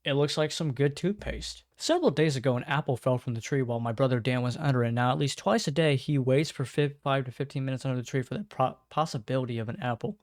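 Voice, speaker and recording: A man's voice: mid-range voice, quick pace, hardly any pauses, no echo, clean studio sound. A man casually reacting to memes at his home microphone, swearing freely and chuckling often. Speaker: meme reaction host. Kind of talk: casual meme reaction commentary. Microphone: own desk microphone.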